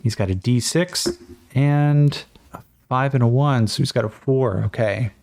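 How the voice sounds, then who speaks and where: A man's voice: mid-range voice, a little slow, creaky, background noise. A man running a solo tabletop game as game master, narrating in a casual, profane, self-mocking way.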